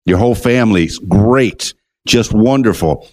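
A man's voice: on the low side, a little slow, a little mellow. A man hosting a casual podcast interview, chatty and jokey, often repeating words as he goes. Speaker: podcast host.

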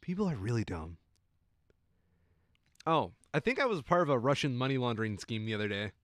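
A man's voice: medium pitch, very animated, fairly quick, a bit bright, no echo, clean studio sound. A young man co-hosting a casual podcast, telling a story with wry asides. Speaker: podcast co-host.

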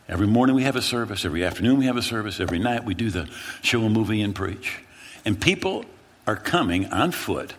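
A male pastor preaching a sermon, telling a story in an animated, dramatic way with repeated phrases. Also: on the low side, slightly rough.

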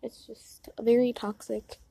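A woman's voice: a little high, level tone, slow pace, vocal fry, mellow, slight background noise. A young woman in casual chat, telling a rambling, exasperated story and acting out other people in quoted asides. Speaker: vlogger.

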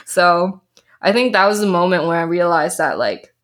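A young adult woman, a health coach, chatting in an interview and acting out quotes from her past. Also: moderate pace. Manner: animated storyteller, acts out quotes in a higher voice. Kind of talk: casual interview chat.

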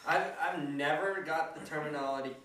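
A man's voice: on the high side, normal speed, a bit bright. Curious guy sounding far off in a really echoey room. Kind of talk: casual chat. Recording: very echoey, off-mic.

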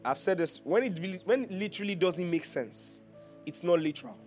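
A man's voice: high-pitched, lively intonation, fairly quick, a little mellow, faint music behind. A man with a Nigerian accent preaching a sermon as pastor, joking and laughing often and asking the congregation questions.

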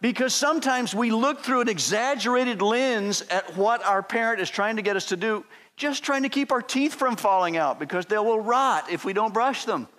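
A man's voice: high voice, animated, moderate pace, fairly bright tone. A middle-aged man preaching a sermon, joking and self-deprecating, acting out the voices of the people in his stories. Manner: jokey, self-deprecating, acts out quoted voices. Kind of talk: sermon with humorous personal stories.

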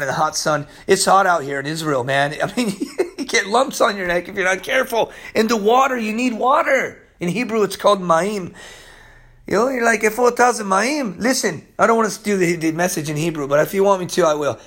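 A man delivers a sermon in a high, wildly swinging voice. He is impassioned, laughs often mid-sentence, and lurches from near-whispers to yelling. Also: animated, brisk. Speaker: pastor.

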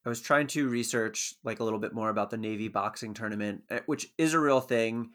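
A man's voice: fairly low pitch, brisk, a bit bright. A man co-hosting a podcast, casually and analytically talking through a TV episode with frequent fillers. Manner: thoughtful, analytical, uses many fillers. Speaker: podcast co-host. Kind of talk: casual chat recapping a TV show.

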